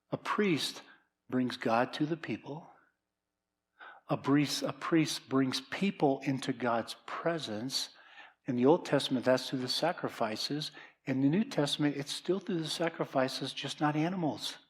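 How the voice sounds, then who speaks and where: Man, middle-aged, pastor, conversational sermon, medium pitch, loud emphasis, soft coaxing asides. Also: unhurried.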